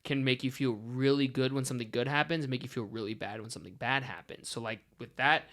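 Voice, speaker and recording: A man chatting casually as a podcast guest in a home studio, telling self-deprecating stories with lively energy. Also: mid-range voice, fast. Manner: animated, self-deprecating storyteller.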